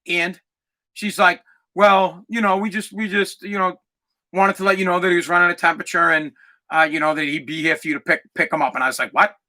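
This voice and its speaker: A man hosting a podcast, telling a comic story as an animated rant, swearing and acting out other people's voices. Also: high voice, fairly quick. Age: adult parent of a twelve-year-old. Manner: animated, acts out voices, swears, gets loud when ranting. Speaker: podcast host.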